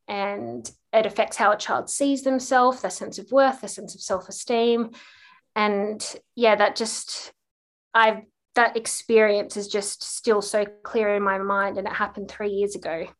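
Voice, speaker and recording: A woman guest on a parenting podcast, casually telling a personal story and acting out the quotes. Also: fairly high pitch. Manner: lively anecdote telling with acted-out quotes.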